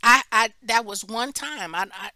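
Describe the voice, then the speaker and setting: A woman's voice: a little high, unhurried, no room sound. A woman preacher teaching a Bible study, telling a story animatedly and acting out the people in it, with emphatic restarts. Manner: animated storytelling, acts out quoted voices.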